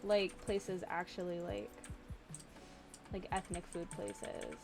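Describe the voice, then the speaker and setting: A woman's voice: fairly low pitch, very animated, slow pace, music in the background. A young woman from the US Midwest chatting casually and giggling with viewers on a live stream. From Illinois, US Midwest.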